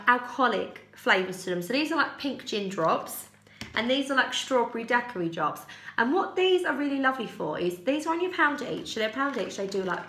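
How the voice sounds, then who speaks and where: A young British woman with a slightly high, pushed, bright voice chats casually at home about her shopping haul, rambling and correcting herself with little giggles. The clip carries a slight hiss or hum, and the room sounds echoey.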